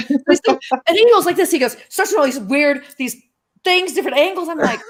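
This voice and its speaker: A woman's voice: sits high, lively intonation, fairly quick. A woman in her sixties, a guest on a live video-call chat, talking chattily and laughing often. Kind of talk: casual live-chat interview.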